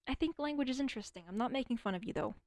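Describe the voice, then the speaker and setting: A woman's voice: high-pitched, expressive, very fast, darkish tone, no echo, clean studio sound. A young woman streaming alone, chatting casually and rambling, swearing often and stuttering at times. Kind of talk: casual livestream chat.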